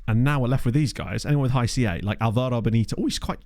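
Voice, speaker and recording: A man's voice: medium pitch, very fast, a little mellow, dry recording. A man casually commentating his own game session, chatty and thinking aloud, with jokey asides, on a desk microphone at home. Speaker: gaming YouTuber. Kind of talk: casual let's play commentary.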